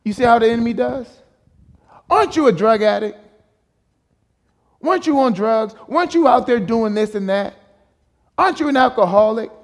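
A man's voice: extremely high pitch, expressive, normal speed, long pauses. A man preaching as a guest speaker, emphatic, with rhetorical questions and calls for the congregation to answer back. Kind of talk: sermon.

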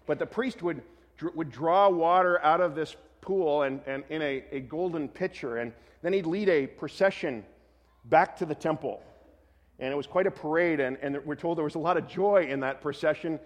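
A pastor giving a sermon in a relaxed, conversational way, often correcting himself and adding light humor. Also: male voice, a little high, normal speed, in a large hall.

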